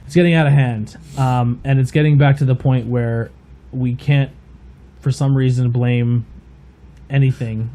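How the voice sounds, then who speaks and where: A man's voice: medium pitch, steady tone, unhurried, warm tone. A man co-hosting a podcast in casual chat, retelling comedy bits and swearing freely. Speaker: podcast co-host.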